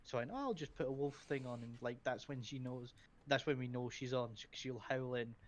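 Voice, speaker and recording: A man's voice: medium pitch, fairly quick, a little hiss or hum. A Scottish man chatting as a podcast guest, rambling with lots of fillers. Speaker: streamer guest. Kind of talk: casual podcast chat. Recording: dull lo-fi sound.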